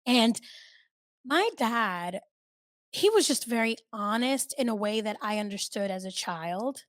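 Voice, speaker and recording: A woman hosting her own podcast, talking in a candid, chatty way that swings between loud and soft and swears freely. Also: on the high side, animated, a little slow, no room sound, studio quality. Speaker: podcast host. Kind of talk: casual solo podcast chat.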